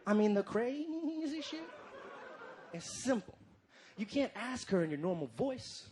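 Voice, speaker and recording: A man playing a brash, crude male comedian who brags loudly and breaks into shouts, performing stand-up before a live audience. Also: very high-pitched, big pitch swings, unhurried, exaggerated voice. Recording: live stage, crowd and room noise.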